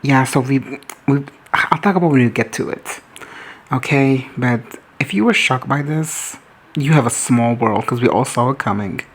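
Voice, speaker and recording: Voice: mid-range voice, normal speed, slight background noise, rough recording. A commentator giving a casual, rambling, profane and joking recap of a TV episode.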